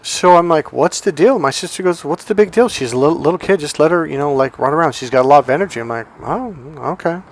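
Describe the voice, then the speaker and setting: A male dating coach rambles through a personal story in a casual monologue, doing other people's parts in a high voice. He talks quickly with almost no pauses.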